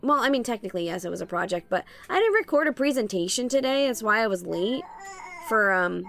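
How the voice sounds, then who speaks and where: A young woman streamer with vocal fry, chatting playfully while she draws and laughing often. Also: on the high side, expressive, quick pace, fairly bright tone. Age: young adult. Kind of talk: casual stream chat while drawing.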